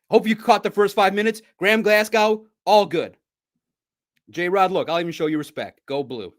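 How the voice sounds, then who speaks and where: Male sports podcast host, casual playful banter and friendly trash talk, fairly high voice with a very lively pitch. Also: normal speed. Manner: swings between loud bursts and low asides.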